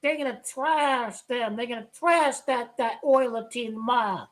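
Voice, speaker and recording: A woman ranting about basketball as a sports vlogger, loud and excitable, often shouting and repeating herself. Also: fairly high pitch, measured pace.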